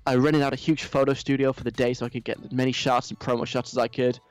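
A man's voice: medium pitch, little pitch movement, fast, clean tone, no room sound, lightly acted. A man putting on an American accent to voice an entitled, whiny young female influencer, in a mock reading of a social post. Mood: self-pitying. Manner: self-pitying, whiny.

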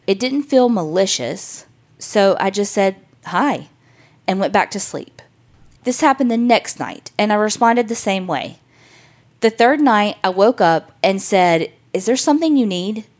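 A woman at a middle pitch reads listener ghost stories aloud and chats between them. She swears casually and acts out reactions in jumpy voices. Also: lively intonation, measured pace, a little mellow. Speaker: podcast co-host.

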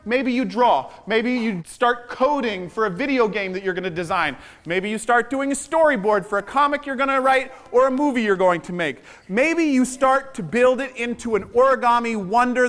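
A man with a high voice, visiting a school assembly as a children's author, tells the kids an adventure story in a playful, animated manner.

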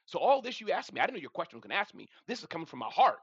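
A man's voice: high-pitched, big pitch swings, racing, breathy edge, no room sound, muffled recording. A man in his forties hosting a live audio room, talking animatedly and saying the listener's name again and again. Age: 40s. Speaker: show host.

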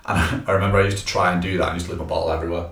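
A man's voice: low-pitched, flat delivery, very fast, vocal fry, a bit bright, slight background noise. A man, a personal trainer co-hosting a podcast, chatting casually and explaining tips, with lots of fillers. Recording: echoey room, a bit far from the mic.

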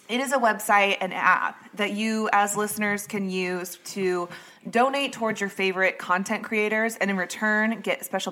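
A woman hosts a true crime podcast in relaxed, conversational chat. She rambles a little and stops to correct her own slips, keeping things loose and friendly. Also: mid-range voice. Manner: chatty, rambling, self-correcting. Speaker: podcast host.

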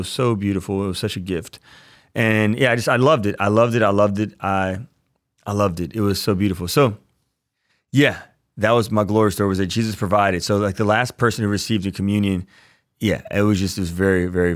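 A man's voice: fairly low pitch, no echo, studio quality. A man, a priest hosting a podcast, teaching casually in an earnest, enthusiastic way, often repeating himself.

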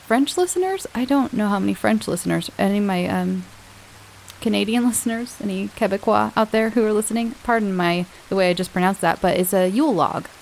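A woman hosting her own podcast, chatting casually and warmly to her listeners with fillers and little laughs. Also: mid-range voice, creaky, slight background noise, low-quality recording. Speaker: podcast host. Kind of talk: casual chat.

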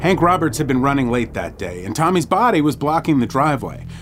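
A man's voice: mid-range voice, very animated, over music. Man narrating a horror story. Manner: measured, dramatic storytelling. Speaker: podcast host and storyteller.

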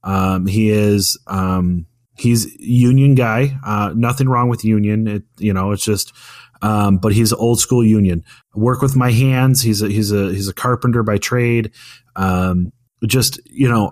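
A man's voice: fairly low pitch, unhurried, darkish tone, no echo, clean studio sound. A man in his thirties, a podcast co-host telling a story in casual chat, rambling with many fillers and restarts. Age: 30s.

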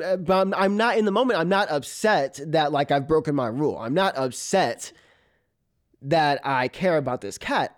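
Animated male comedian telling a story. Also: fairly high pitch. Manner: animated, laughing through the telling, mimics a cat's meows. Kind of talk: live storytelling.

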